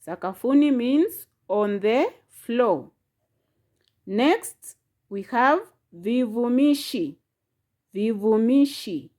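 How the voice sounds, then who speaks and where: A woman's voice: on the high side, lively intonation, very slow, dark tone. A woman teaching a language lesson, saying each word and syllable carefully and repeating it. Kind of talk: slow instructional lesson.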